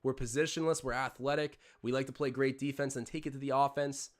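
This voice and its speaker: A man's voice: mid-range voice, flat delivery, a little fast. A young Canadian man hosting a live watch-along stream, mixing casual play-by-play with rambling chatty tangents.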